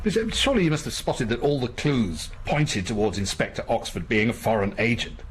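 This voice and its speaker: An actor playing a pompous, pedantic, grumpy middle-aged writer in a radio sitcom. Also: male voice, mid-range voice, animated, fairly quick, a little hiss or hum, lightly acted. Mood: peevish.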